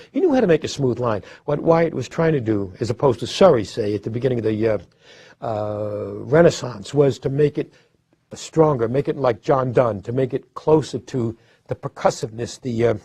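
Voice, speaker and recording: Husky-voiced man lecturing with restarts. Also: medium pitch, warm tone, dry recording. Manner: thoughtful, with frequent restarts and hesitations. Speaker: literary scholar. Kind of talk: explanatory lecture talk.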